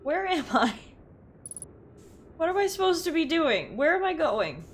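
Female streamer, live game commentary, animated pitch swings, excitable and shrieky, swears a lot. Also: a little slow, a little hiss or hum. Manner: excitable, shrieks, laughs and swears under pressure; reads in-game text aloud.

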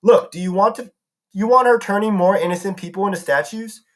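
A man's voice: high-pitched, a little fast, voice pushed up, natural voice. A man voicing a clever teenage girl who talks in an urgent, brainy way.

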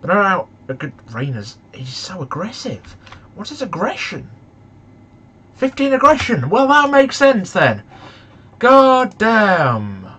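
A young man commentating on a football management game, excitable and shouting at the match in frustration. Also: high voice, takes it slowly, a little hiss or hum. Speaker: gaming YouTuber.

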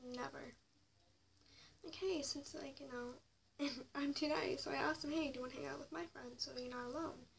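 A woman's voice: high voice, steady tone, a little fast, vocal fry. Young woman whispering a painful story. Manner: confessional, swings between hushed whispers and raised anger. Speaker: vlogger. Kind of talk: personal storytime vlog. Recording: slightly distant mic with faint noise.

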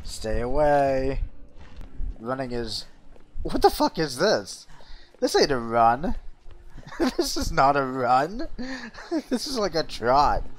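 Excitable swearing gamer man. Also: fairly high pitch, slow, a little hiss or hum. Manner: excitable, swears often, bursts into laughter. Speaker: let's play gamer. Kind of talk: let's play commentary.

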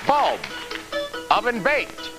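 High, lively male game show host. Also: slow, poor audio. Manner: upbeat, lively quizmaster patter. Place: TV studio with audience. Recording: loud TV studio broadcast with music and crowd. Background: music and studio crowd.

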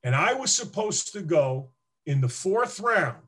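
This ex-football player's voice is high and unhurried with a breathy edge. As an interview guest, he casually recounts emotional stories, animatedly acting out what happened.

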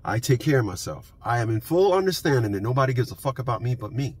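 A man's voice: medium pitch, very animated, fast, a little mellow, husky. A man ranting into his phone camera from his parked car, profane and emphatic, repeating his points. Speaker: vlogger. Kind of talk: unscripted ranting vlog.

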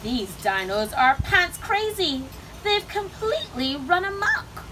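A woman's voice: very high-pitched, big pitch swings, slow pace, noisy background, pitched above the performer's own voice, exaggerated voice. Woman doing panicky storybook cavemen. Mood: exclaiming. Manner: alarmed, then triumphant exclaiming.

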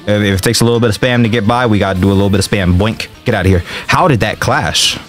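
A young man commenting on his own gameplay, excitable and slangy, often yelling and trash-talking the game as he plays. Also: fairly low pitch, quick pace, soft background music. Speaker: gaming streamer.

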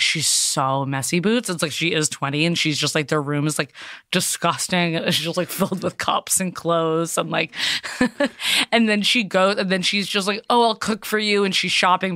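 A bright-voiced woman co-hosts a comedy podcast, gossiping and laughing as she retells stories. The sound is close and dry, with no room around it. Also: sits low, dry recording. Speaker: podcast co-host. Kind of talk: casual comedic chat.

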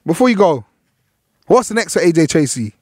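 Lively high-voiced radio host, man. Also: normal speed, no echo, studio quality. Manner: joking, teasing. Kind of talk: casual radio banter. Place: radio studio.

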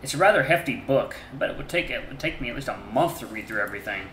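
A game streamer reads a visual novel aloud in first person, speaking quickly in a medium-pitched, expressive, fairly bright voice. He sounds earnest and emotional and now and then restarts a phrase. The recording has a roomy echo and a little hiss or hum.

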